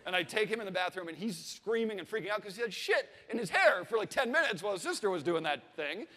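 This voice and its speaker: A man's voice: high-pitched, expressive, quick pace, bright, forceful tone, long reverb tail. A man in his thirties telling a comic story on stage, swearing and acting out the voices of the people in it. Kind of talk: comic personal anecdote to a live audience.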